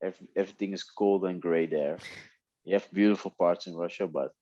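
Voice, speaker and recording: A man whose first language is Dutch, telling stories in a relaxed way in a casual interview, often laughing. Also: sits low, fairly quick, lo-fi sound. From Netherlands. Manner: relaxed storytelling with frequent laughs and restarts. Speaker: guest, MMA fighter.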